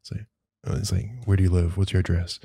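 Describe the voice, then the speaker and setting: A man's voice: deep voice, little pitch movement, quick pace, warm tone, slightly rough. A man from New Zealand co-hosting a podcast, telling a rambling story in casual chat, laughing and swearing. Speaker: podcast co-host.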